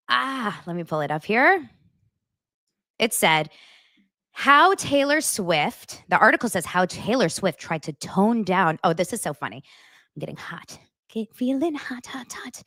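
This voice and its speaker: A woman's voice: medium pitch, a bit bright, no room sound, clean studio sound. A woman hosting a casual celebrity gossip show, chatty and sarcastic, often laughing. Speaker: host.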